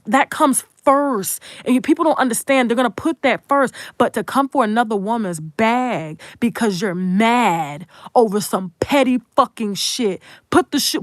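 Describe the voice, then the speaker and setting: A woman's voice: fairly high pitch, no room sound, clean studio sound. A woman, hosting an unscripted commentary monologue in a blunt, profane, emphatic way and talking straight to viewers. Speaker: commentary channel host.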